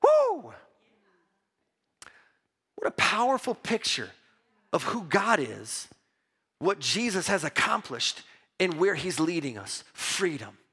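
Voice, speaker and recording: Guy preaching a sermon, high voice bouncing all over, bright and emphatic. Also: measured pace, husky. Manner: animated, emphatic preaching with personal stories; repeats words and restarts when telling stories. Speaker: pastor.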